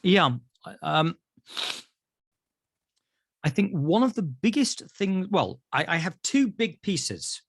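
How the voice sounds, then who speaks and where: Lively British man telling stories. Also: high-pitched, takes it slowly, creaky, pauses often, husky, dry recording, clean studio sound. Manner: acts out voices in anecdotes. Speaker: therapist guest. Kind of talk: animated storytelling in interview.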